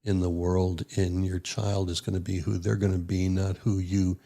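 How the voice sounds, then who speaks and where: Low gravelly older man telling stories. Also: flat delivery, moderate pace, mellow. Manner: folksy storyteller who acts out quotes. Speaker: podcast guest, retired rear admiral. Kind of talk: casual storytelling.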